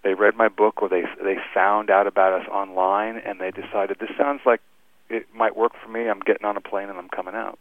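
A man's voice: fairly low pitch, level tone, a little fast. A man who works as a life coach, speaking as a guest in a casual radio interview, earnest with a dry sense of humor. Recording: tinny phone line.

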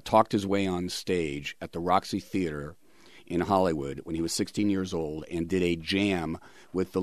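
A man's voice: low-pitched, dry recording. Chatty middle-aged male radio host. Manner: rambling, chatty, many "uh" fillers. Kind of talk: casual radio talk.

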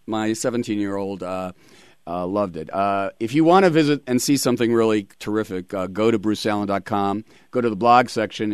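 A man's voice: on the low side, clean tone, dry recording, studio quality. A middle-aged man hosting a radio talk show, chatting in a rambling way with many fillers.

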